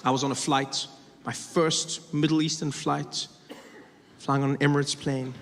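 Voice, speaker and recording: A man's voice: fairly high pitch, level tone, unhurried, a bit bright. A male stand-up comedian telling a story in a conversational, self-deprecating way, often stopping to restart a sentence. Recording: reverberant live hall with audience noise.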